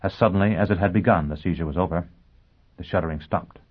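Man, audiobook narration, low voice, steady, tinny phone-like audio. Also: quick pace, husky. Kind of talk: scripted narration.

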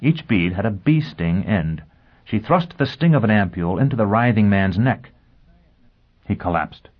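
A man narrating a science fiction novel in a steady, even storytelling manner, on a dull lo-fi recording. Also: lowish voice, moderate pace, slightly rough. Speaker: audiobook narrator. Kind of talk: scripted narration. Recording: dull lo-fi audio.

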